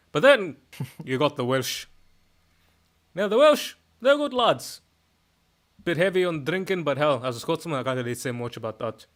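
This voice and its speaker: A man putting on a put-on Scottish accent, playing a loud, foul-mouthed Scotsman who rants and swears for laughs on a stream. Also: fairly high pitch, natural voice. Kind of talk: comic impression on a live stream.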